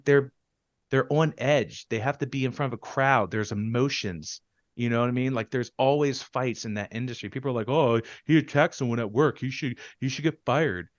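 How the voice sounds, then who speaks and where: A man on a podcast in a heated, profane rant, his voice jumping up loud and then sinking low. He sits at a middle pitch. The recording is dry and a little dull, with no room sound. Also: no echo. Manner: profane, ranting, quick bursts that then drop low. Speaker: podcast co-host. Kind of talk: heated casual chat.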